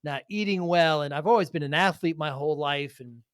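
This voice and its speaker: A man's voice: fairly high pitch, brisk, clean tone, no room sound, studio quality. A middle-aged man co-hosting a casual talk, telling rambling stories and laughing often. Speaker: podcast co-host, business owner. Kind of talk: casual conversation.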